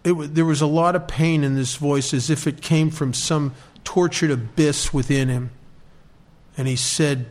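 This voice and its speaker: A man with a slightly high voice tells a personal recovery story. He speaks in an earnest, halting way, often restarting his sentences. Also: fairly even intonation, a little mellow.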